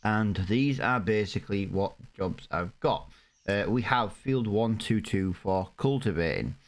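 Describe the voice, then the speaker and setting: A man's voice: lowish voice, lively intonation, measured pace. A man giving casual, rambling let's-play commentary over a farming game, with many fillers and restarts. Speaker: gaming YouTuber.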